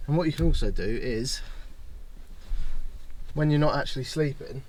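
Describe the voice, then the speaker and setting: A man's voice: medium pitch, normal speed, darkish tone. A man giving a casual, self-mocking walkthrough of his campervan bed and cooking setup, chatting as he works. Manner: chatty, self-mocking, talks while doing tasks. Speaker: van owner showing his setup. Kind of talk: casual demo chat. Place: inside a parked campervan at home.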